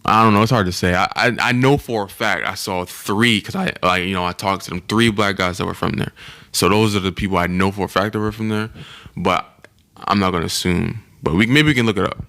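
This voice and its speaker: A young man with a somewhat low voice, talking loosely and casually as a podcast co-host. He tells a story with lively animation and slips into raised voices to act out what people said. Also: a little fast.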